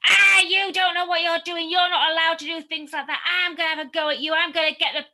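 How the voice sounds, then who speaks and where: A woman putting on an angry village man who shouts and scolds over a wall. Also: extremely high pitch, little pitch movement, fast talker, pitched above the performer's own voice, full character voice. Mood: angry scolding.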